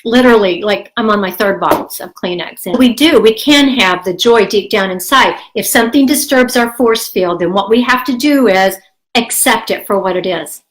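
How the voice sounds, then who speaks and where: A woman's voice: mid-range voice, normal speed, poor audio. Older woman with a cold, candid. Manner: candid, rambling, encouraging. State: has a cold, coughing. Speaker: health vlogger. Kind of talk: casual talk to camera.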